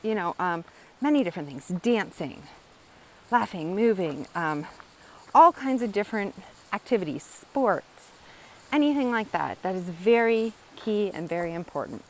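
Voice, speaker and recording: A woman's voice: medium pitch, animated, moderate pace, a little hiss or hum, poor audio. A woman educator explaining in a casual, earnest teaching monologue, often repeating phrases and checking in with "right?". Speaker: wellness educator.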